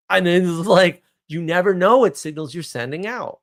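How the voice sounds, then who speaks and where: A man's voice: sits high, normal speed, hardly any pauses. A man hosting a live stream, telling stories in a casual, rambling way, laughing often and checking in with "right?" asides. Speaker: livestream host.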